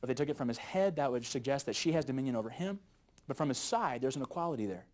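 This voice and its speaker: A man teaching a youth Bible study lesson in a jokey, animated way, often chuckling at his own jokes. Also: mid-range voice, fast.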